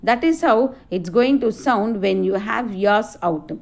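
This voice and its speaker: A woman's voice: medium pitch, a little slow, close to an everyday voice. A woman teacher reading the teasing lines of a man in a waiting room.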